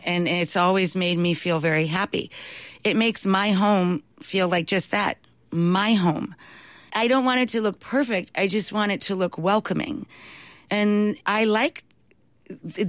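A woman being interviewed, telling stories in an animated way and laughing often. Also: fairly low pitch, no echo. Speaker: guest, talk show host and cookbook author. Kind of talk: anecdotal storytelling in an interview.

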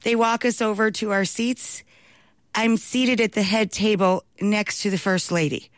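A woman being interviewed, telling stories in an animated way and laughing often. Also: medium pitch, a little slow, no room sound. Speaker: guest, talk show host and cookbook author. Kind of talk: anecdotal storytelling in an interview.

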